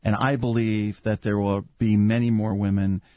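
A man's voice: on the low side, level tone, normal speed, mellow, dry recording. A man hosting a religious talk show as a deacon, speaking in an earnest, preacherly way. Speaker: host and deacon.

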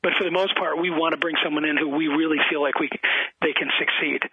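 A man's voice: on the high side, fairly even intonation, quick pace, husky. A man, an athletic director being interviewed on radio, talking with enthusiasm and frequent restarts. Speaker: high school athletic director. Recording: tinny phone-like radio sound.

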